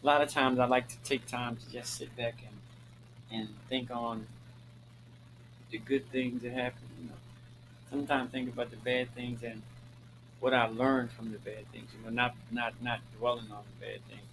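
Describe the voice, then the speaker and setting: With little pitch movement, a man's mid-range voice moves at normal speed over a noisy background. He's a Maryland host giving a casual talking-head monologue to his viewers, flamboyant and sassy, calling them honey and girl and swearing freely while repeating lines in a preachy, emphatic way.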